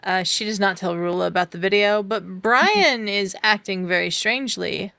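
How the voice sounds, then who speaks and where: A woman co-hosting a podcast, chatting through a TV episode recap on a video call and filling pauses with ums. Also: mid-range voice, creaky, sharp tone, no room sound. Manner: chatty, retells scenes with filler ums. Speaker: podcast co-host. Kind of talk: casual recap chat.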